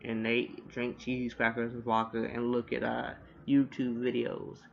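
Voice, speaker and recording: A man with a gravelly, creaky voice gives a casual, profanity-laced recap of a TV episode. He talks in loose slang and tosses in blunt opinions as he goes. The recording sounds dull and lo-fi. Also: medium pitch, completely flat delivery, a little hiss or hum. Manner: profane, slangy retelling with quick asides. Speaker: TV episode reviewer.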